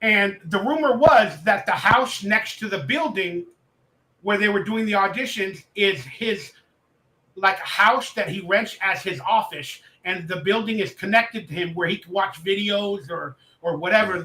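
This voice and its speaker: Excitable male interview guest with a bright, high voice; roomy sound. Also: moderate pace. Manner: excitable, acts out quoted voices. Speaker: actor guest. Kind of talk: animated storytelling in a live interview.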